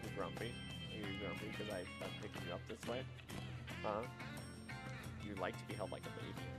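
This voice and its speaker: A man chatting casually on a live stream, animated and talking to himself and his pet. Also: on the low side, fairly quick, loud music behind the voice. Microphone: desk microphone.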